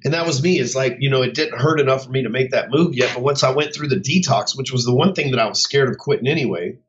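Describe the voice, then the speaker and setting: A man's voice: mid-range voice, quick pace, slight background noise. A man in a middle register talks straight at you, blunt and full of swearing, with a swaggering, tell-it-like-it-is manner. The sound is dull and muffled, and he rambles casually in an office. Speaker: host of his own show. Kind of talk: casual unscripted monologue. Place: his office.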